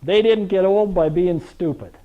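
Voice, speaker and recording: A man's voice: high voice, unhurried. An older man giving a presentation to a live audience, telling folksy stories, joking with the crowd and tossing out rhetorical questions. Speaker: grain marketing presenter. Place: meeting room with an audience. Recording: dull lo-fi recording.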